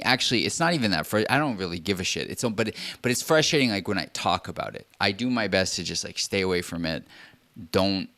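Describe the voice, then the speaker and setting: A man's voice: sits low, gravelly, a bit bright, dry recording. A man streaming live, ranting bluntly in a casual monologue full of swearing.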